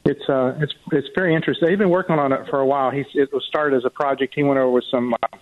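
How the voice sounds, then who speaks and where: A man calling in to a radio show, talking casually and haltingly. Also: mid-range voice, steady tone, narrow, tinny audio. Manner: hesitant, halting with fillers. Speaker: caller. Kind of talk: casual call-in chat.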